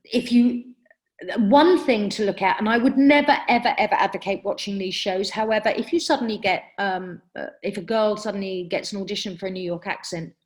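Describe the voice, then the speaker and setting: A woman's voice: mid-range voice, fairly even intonation, brisk. A middle-aged woman, an acting practitioner, giving direct, emphatic career advice on a webinar and answering questions with frequent ums. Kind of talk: webinar Q&A talk.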